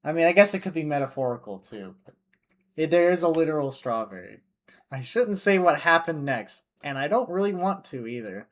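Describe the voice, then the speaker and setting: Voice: mid-range voice, sing-song, fairly quick. A streamer reading a visual novel aloud, reacting in between and slipping into character voices.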